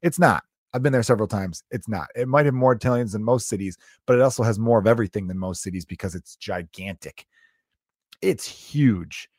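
A man's voice: on the low side, fairly quick, darkish tone, dry recording, clean studio sound. A man in his thirties hosting a podcast, rambling and joking in a casual monologue, swearing freely. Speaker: podcast host.

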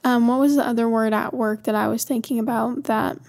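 A woman's voice: on the high side, steady tone, brisk, gravelly, darkish tone. A woman from Montana hosting a podcast, talking in a chatty, rambling way and easily amused. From Montana, USA. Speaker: podcast host. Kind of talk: casual monologue.

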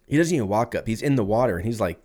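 Chill guy with a lowish voice rambling through a story on his podcast, swears a lot. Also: animated, rapid-fire, warm tone. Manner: profane, rambling, acts out voices in anecdotes. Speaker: podcast host. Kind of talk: casual storytelling monologue.

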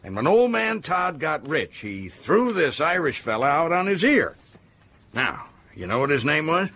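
A man's voice: a little high, very animated, a little slow, sharp tone, a little hiss or hum, exaggerated voice. An actor playing a boastful, chatty male prison governor, who stumbles over his words in a radio drama. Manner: boastful, stumbling, chuckling often.

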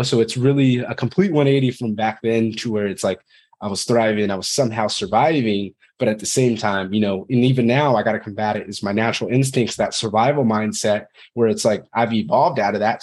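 A man's voice: fairly low pitch, a little mellow. A man in his thirties, a podcast guest, telling his personal story candidly and in a rambling way, cursing now and then. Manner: rambling, frank, curses casually.

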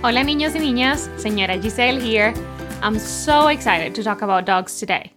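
A woman co-hosting a children's lesson, teaching simple Spanish words and telling playful jokes in a slow, cheerful voice. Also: on the high side, expressive, music in the background.

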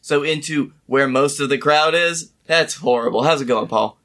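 Bright-toned man, laid-back podcast chat. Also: on the high side, normal speed. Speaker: podcast co-host. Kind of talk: casual wrestling chat.

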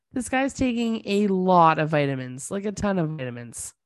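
A woman co-hosting a podcast, recapping a TV episode in casual chat, excitable and quick to exclaim, laughing mid-sentence. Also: on the low side, dry recording, studio quality. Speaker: podcast co-host.

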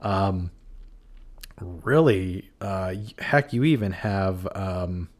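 A man co-hosting a podcast in casual chat, animated and joking. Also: sits low, extremely slow. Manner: animated and joking, with laughs and bits of quoting. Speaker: podcast co-host.

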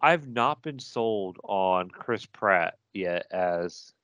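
A man's voice: low-pitched, animated, drawn-out words, a bit bright, no echo. A man co-hosting a podcast, chatting casually and giving strong opinions. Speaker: podcast co-host. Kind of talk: casual chat.

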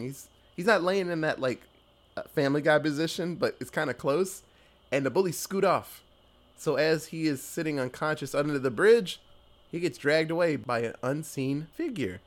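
A young man chats loosely through a horror movie plot, his voice sitting a little high for a man. He swears freely, laughs often and drops into quick impressions of the characters. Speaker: podcast co-host recapping a movie. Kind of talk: casual movie recap chat.

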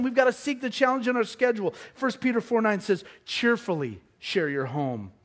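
High-voiced animated male pastor. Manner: animated, self-deprecating humor, quick asides. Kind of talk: sermon with storytelling.

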